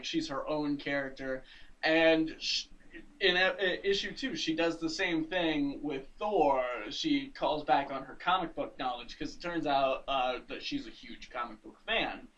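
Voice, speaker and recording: A man chats casually on a podcast, recapping a comic with lots of laughter and quick acted-out lines. His voice sits a touch high and sounds a little distant from the mic. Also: lo-fi sound. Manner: animated, laughs often, acts out characters' lines. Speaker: podcast co-host.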